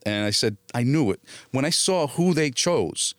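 Middle-aged actor, casual storyteller; dry, close-miked studio sound. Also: male voice, mid-range voice, moderate pace, no room sound. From New Jersey area. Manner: animated anecdotes, quotes people in dialogue. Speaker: actor, interview guest.

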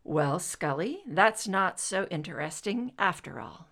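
A woman voicing a dry, teasing male FBI agent in a read-aloud story, with slightly lowered delivery and deadpan wisecracks. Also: measured pace, creaky, exaggerated voice.

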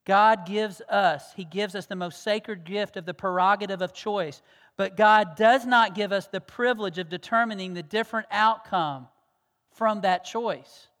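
Male pastor, high voice, earnest pleading sermon, long church reverb. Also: measured pace. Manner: earnest pleading, swings from loud exhortation to hushed tones. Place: church sanctuary.

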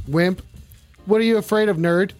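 Brash high-voiced streamer man, crude and taunting. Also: moderate pace, a little mellow, soft background music. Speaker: streamer playing a talking hot dog. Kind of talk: improvised comedy stream bit.

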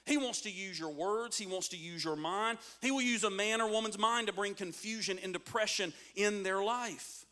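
A man's voice: sits high, moderate pace, few pauses, pushed and bright. A man preaching a sermon as a pastor, reading scripture and building in intensity with call-and-response.

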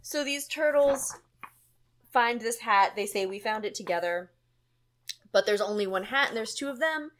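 A woman's voice: on the high side, moderate pace. Chatty woman podcast host. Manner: animated, chatty, many filler likes. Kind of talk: casual chat.

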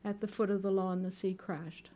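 Woman reading her own story at a bookstore, slow and measured, into a mic. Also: medium pitch, fairly even intonation, warm tone. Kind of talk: live fiction reading. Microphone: microphone on a stand.

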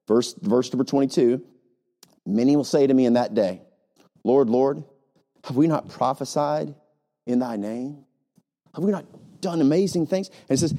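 A man's voice: on the high side, mellow. A male pastor preaching a sermon with emphatic rhetorical questions and frequent "right?" asides, sometimes mocking other preachers.

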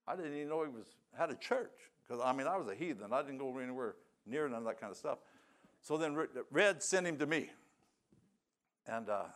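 An older man giving a sermon testimony, telling his story in a folksy, plain-spoken way. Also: medium pitch. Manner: folksy storytelling with rural grammar.

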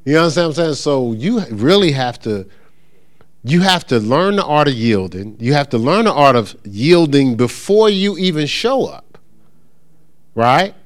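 Animated man teaching at church. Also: a little high, a little slow. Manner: animated, acts out voices of churchgoers and callers; conversational with frequent check-ins. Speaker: pastor teaching. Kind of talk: informal church teaching talk.

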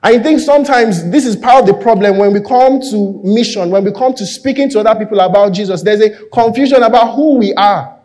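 A man preaching a sermon in church, animated, acting out the people in the story in quoted voices. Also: high voice, fairly quick. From Nigeria. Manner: animated, acts out biblical figures in quoted voices. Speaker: pastor. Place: church hall.

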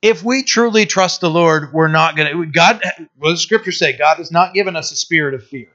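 Guy preaching, bright voice kinda high, dull lo-fi recording. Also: brisk. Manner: conversational preaching with restarts and rising emphasis. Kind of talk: sermon.

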